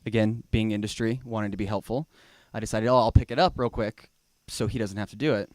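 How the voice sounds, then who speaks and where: A young man doing a stand-up comedy set in a small comedy bar, telling a rambling, self-mocking story and now and then breaking into loud, high-pitched shouting. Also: fairly even intonation, fast, no room sound, clean studio sound.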